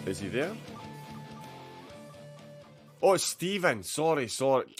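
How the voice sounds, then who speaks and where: A man's voice: mid-range voice, very animated, moderate pace, music in the background. A man commentating a sim racing event live, chatting and joking with a guest between race updates. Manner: chatty, jokey, banter-filled.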